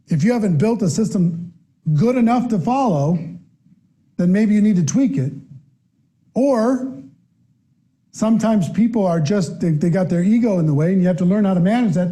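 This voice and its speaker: A man giving a live training talk on network marketing, asking the audience questions and acting out quoted voices with lively energy. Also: high-pitched. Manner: animated, acts out quoted voices.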